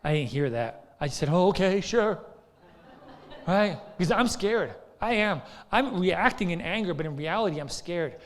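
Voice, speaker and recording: With long hall reverb on the recording, this male pastor preaches in a conversational, storytelling way, frequently asking "right?" to check on listeners. His slightly high, a bit bright voice has lively intonation, a moderate pace, and hardly any pauses.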